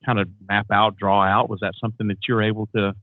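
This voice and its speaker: A man hosting an interview, asking hesitant questions with restarts and giving soft backchannels. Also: fairly low pitch, level tone, fast, no echo. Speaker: podcast host. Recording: tinny phone-like line, dry.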